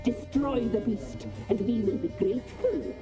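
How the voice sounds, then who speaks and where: A woman's voice: a little high, measured pace. An actress playing a cruel, commanding ancient witch crone in a video game, speaking imperiously. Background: game music.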